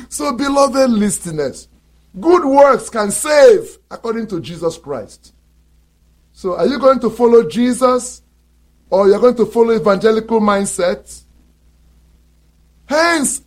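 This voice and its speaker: A male preacher delivering a sermon to his listeners, emphatic, repeating key phrases and asking rhetorical questions. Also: high-pitched.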